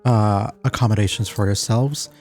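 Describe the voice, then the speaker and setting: A young man running a tabletop game as game master, talking in a halting way with many fillers. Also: on the low side, steady tone, darkish tone, faint music behind.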